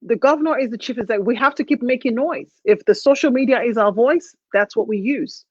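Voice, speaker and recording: A woman hosting a live call-in talk show, emotional and halting, with many hesitant restarts. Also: a little high, husky, no room sound, muffled recording.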